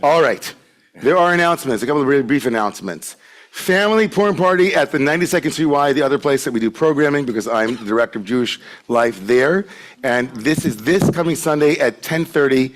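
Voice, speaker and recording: Service leader, male, mid-pitched, casual and joking, filler-heavy patter to a congregation. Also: fairly quick. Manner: chatty and joking, with many filler 'likes'. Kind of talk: casual welcomes and announcements at a Friday service. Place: sanctuary with a congregation present.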